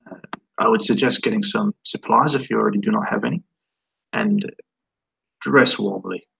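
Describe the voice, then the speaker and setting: A weary war-chief jarl, voiced by the game master, with a deep, heavily gravelly voice and a husky edge. He gives orders in short, halting bursts. The audio is dull and lo-fi. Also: sharp tone, heavily acted. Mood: brisk. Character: older male jarl, weary war leader.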